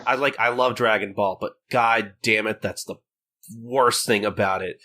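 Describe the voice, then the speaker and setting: A man co-hosting a casual podcast chat, recapping manga and breaking into quick acted character lines, laughing often. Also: fairly low pitch, fairly even intonation, pushed and bright. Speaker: podcast co-host.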